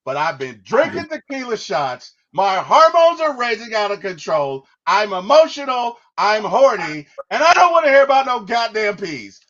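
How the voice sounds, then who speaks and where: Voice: medium pitch, very animated, slow pace, fairly bright tone, dull audio, voice pushed up, heavily acted. A podcast host reading a movie's lines as a furious young woman who sarcastically tells off a man. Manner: indignant, sarcastic, raised voice.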